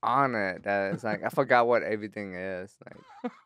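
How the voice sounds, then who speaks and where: Brief: young guy, podcast guest, unhurried rambling storyteller, smooth and close. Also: on the low side, fairly bright tone, no echo. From Texas. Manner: halting, laid-back, lots of "like" fillers. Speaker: comedian and rapper, podcast guest.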